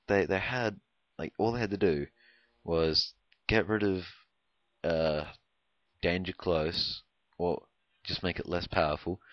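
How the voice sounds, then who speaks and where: A young man from Canada talks over his gameplay with a rumbling, very low voice. He rambles, hesitates and fills gaps with ums and likes. The recording is dry and dull, like a cheap home mic. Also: no room sound. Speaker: gameplay commentator. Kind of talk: rambling casual gameplay commentary.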